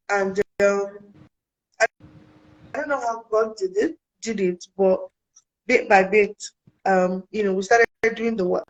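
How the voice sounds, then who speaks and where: A young African woman, appearing as a guest in a casual interview, earnestly tells a personal story and animatedly acts out the conversations, quoting people in dialogue. Her medium-pitched voice is a little slow with frequent pauses, and the recording is muffled.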